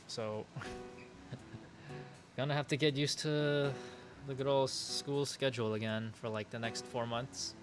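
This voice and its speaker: Young male streamer, relaxed and chatty, music under. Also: mid-range voice, takes it slowly, pauses often. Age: young adult. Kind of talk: casual chat while playing. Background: game music.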